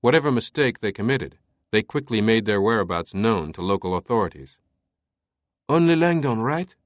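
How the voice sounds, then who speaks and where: Low-voiced male audiobook narrator. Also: fairly quick, no echo, clean studio sound. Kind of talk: scripted thriller narration.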